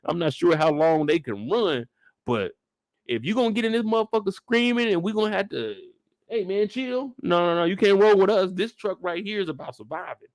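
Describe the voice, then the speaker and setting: A young man streaming a live recap of a TV episode, riffing in an animated, profane, comic way and acting out scenes. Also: high voice, brisk, dry recording, clean studio sound. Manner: acts out scenes in shouted bursts.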